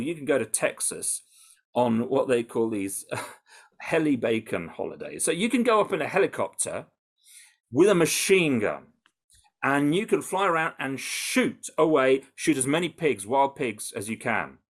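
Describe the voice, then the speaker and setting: A British man answering interview questions in an animated, conversational way, with frequent restarts and fillers. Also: fairly high pitch. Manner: animated, full of restarts and "you know". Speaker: campaigner interviewed about undercover research.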